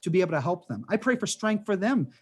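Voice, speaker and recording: A man with a fairly high voice teaches an adult class as a rabbi, speaking over a video call. He talks conversationally, telling anecdotes and stacking up rhetorical questions. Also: fast talker, husky. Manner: animated storytelling with rhetorical questions and asides.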